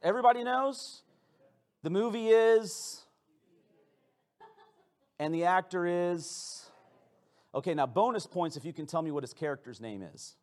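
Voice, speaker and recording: Man, high-pitched voice, pastor, playful conversational sermon, stumbles and restarts often, church sanctuary. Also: animated, measured pace, long pauses.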